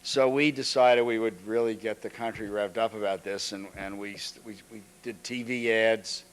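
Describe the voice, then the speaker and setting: An older man giving an anecdotal lecture, halting often, restarting phrases and clearing his throat. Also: fairly low pitch, steady tone, a little hiss or hum. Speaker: guest lecturer. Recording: archival lecture recording.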